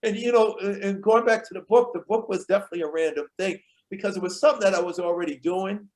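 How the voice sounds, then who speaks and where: A man, a guest on a podcast, telling lively anecdotes and acting out the people in them. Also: sits high, fast. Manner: tells anecdotes, acts out quoted people in lively voices. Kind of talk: animated storytelling in conversation.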